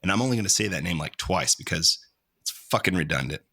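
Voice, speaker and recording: A low-pitched man with a bright, forceful tone, co-hosting a podcast. He tells the story in a laid-back way, joking and swearing as he goes. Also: lively intonation, fast, vocal fry, husky. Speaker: podcast co-host. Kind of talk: casual podcast chat and storytelling.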